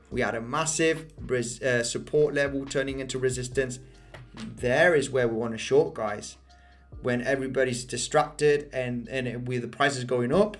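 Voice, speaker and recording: Hype-talking man. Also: mid-range voice. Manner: fast, restarting, hype-driven talk with viewer asides. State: out of breath. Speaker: crypto trading livestream host. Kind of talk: live chart analysis with chat.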